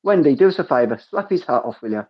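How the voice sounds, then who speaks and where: A man's voice: fairly high pitch, animated, fast talker, husky, lo-fi sound. A man with a Birmingham accent hosting a casual live chat, jokey and playful, often repeating his words.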